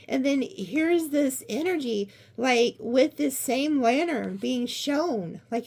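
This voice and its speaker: A woman giving a casual tarot card reading, chatty and excitable, often gasping. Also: high voice, slow, few pauses. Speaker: tarot reader.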